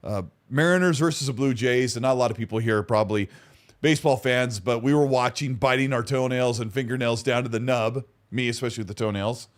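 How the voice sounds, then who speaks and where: A man hosting a gaming podcast talks in a chatty, excitable way. His voice sits at an ordinary mid pitch, and he keeps the tone loose and conversational. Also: fast talker. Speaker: podcast host. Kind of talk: casual chat.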